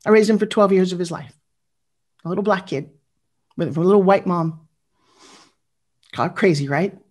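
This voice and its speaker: A woman in her fifties giving a motivational speech, animated and confessional, talking straight to her audience and asking for their replies. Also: lowish voice, moderate pace. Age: 50s. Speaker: motivational speaker.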